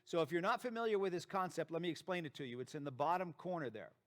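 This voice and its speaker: A man's voice: a little high, fast, a bit bright. A man who is a dentist and practice founder giving an emphatic motivational presentation, repeating key phrases for effect.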